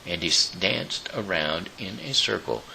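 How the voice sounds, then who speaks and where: A man reads a children's storybook aloud, haltingly and with small slips. His very low voice is gravelly yet bright, and it moves widely in pitch. He takes his time, and a faint hiss sits under the recording. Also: animated, rough recording. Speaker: show host.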